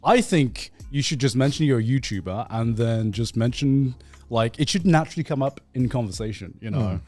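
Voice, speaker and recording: A man's voice: medium pitch, animated, normal speed, a little mellow. A man co-hosting a podcast, talking bluntly and expressively in a casual chat. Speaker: podcast host.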